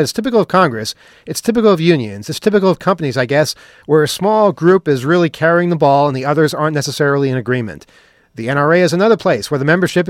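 A man's voice: a little high, no echo, clean studio sound. A man hosting a talk show, riffing sarcastically with mock questions and then turning earnest. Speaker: podcast host. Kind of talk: opinionated talk show monologue.

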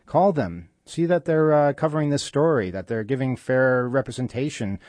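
A man's voice: mid-range voice, a little mellow, dry recording. Dry-voiced male radio call-in host. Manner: earnest, with frequent halting fillers. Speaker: radio talk show host. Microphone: studio microphone.

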